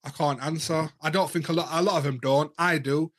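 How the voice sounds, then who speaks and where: A man's voice: a little high, steady tone, brisk, a bit bright, no room sound. A man in his thirties or forties, a guest in casual candid chat, talking frankly and rambling, often repeating words as he thinks.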